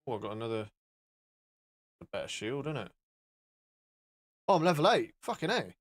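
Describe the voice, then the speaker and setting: A man's voice: medium pitch, sing-song, normal speed. Joking man streaming live. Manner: rambling, joking, swearing. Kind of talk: casual live-stream chat.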